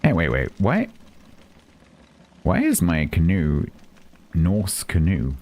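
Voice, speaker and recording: A man's voice: sits low, big pitch swings, unhurried, darkish tone. A man streaming a role-play game, chatting casually and mumbling to himself with playful asides.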